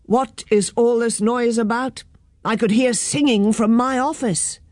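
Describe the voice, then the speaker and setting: A woman reading a storybook aloud, voicing a bossy woman mayor in a loud, commanding way at a slow pace. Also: fairly high pitch, steady tone, no room sound, studio quality, close to an everyday voice. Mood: puzzled.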